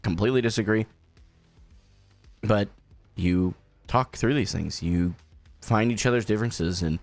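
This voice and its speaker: A young man live-streaming with a headset, chatting casually and making an earnest, encouraging pitch to his community. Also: a little slow, no room sound, faint music behind. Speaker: gaming streamer.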